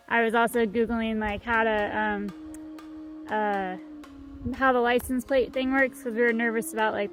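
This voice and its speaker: A young woman co-hosting a vlog, telling a story in a casual chat, full of "like" and "um". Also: medium pitch. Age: young adult. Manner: chatty, many fillers like "like" and "um". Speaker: vlog co-host.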